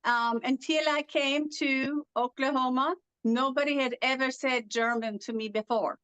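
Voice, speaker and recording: Woman w foreign-sounding accent from accent syndrome, high smooth voice, lots of uh's. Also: fairly even intonation, unhurried, fairly bright tone, no echo, rough recording. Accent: foreign accent syndrome, heard as European. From California, USA. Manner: storytelling with many fillers. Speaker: guest. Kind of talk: interview about her condition.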